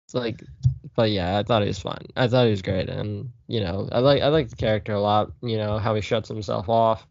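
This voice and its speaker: A man's voice: lowish voice, fairly quick, vocal fry, a little mellow, dry recording, highs cut off. A man co-hosting a casual movie podcast, joking and swearing as he rambles about the cast. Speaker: podcast co-host.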